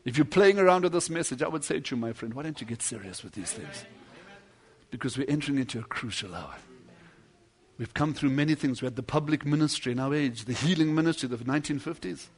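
A man preaching a sermon, telling a story with dramatic swings between loud declamation and hushed low passages, acting out the lines of the people in it. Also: lively intonation, fast talker. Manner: acts out quoted dialogue within the story.

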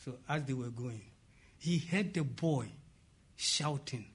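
A man's voice: medium pitch, slow pace, husky. A man preaching a sermon and telling a story, breaking in with "praise God" and asking the congregation to fill in the words. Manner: call-and-response, asks "what?" for the congregation to fill in; interjects "praise God" and "amen".

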